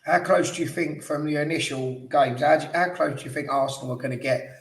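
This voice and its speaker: A man co-hosts a casual football podcast, easygoing and joking, with plenty of asides. His voice sits slightly high. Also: quick pace. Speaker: podcast co-host.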